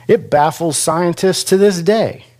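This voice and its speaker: Male pastor, unhurried conversational preacher, leans on quoted verses. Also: sits high, darkish tone. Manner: slow, conversational preaching with self-deprecating asides; drags out quoted scripture for emphasis. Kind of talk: sermon. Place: church classroom.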